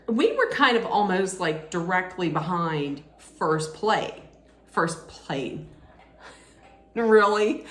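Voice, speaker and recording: A woman vlogger telling a casual story, animated and excitable, laughing often. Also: lowish voice, echoey room.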